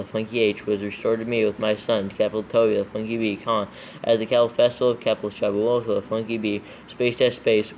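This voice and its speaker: Brisk, flat male reader dictating text with punctuation for a proofread check. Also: lowish voice, slight background noise, rough recording. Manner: flat, steady reading that spells out punctuation and letters. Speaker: scripture reader in a proofreading session.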